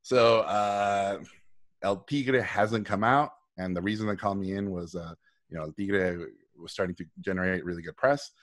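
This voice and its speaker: On a live video call, a middle-aged guest with a low-pitched voice keeps a steady tone at normal speed. He tells casual stories with animation, mimicking quoted voices and swearing freely.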